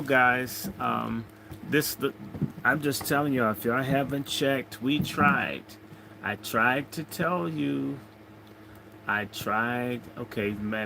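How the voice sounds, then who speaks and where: Slow, bright-voiced man hosting a livestream. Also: medium pitch, gravelly, slight background noise, low-quality recording. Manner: rambling, jokey, chatting to viewers. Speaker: livestream host. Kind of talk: casual livestream chat, reading comments.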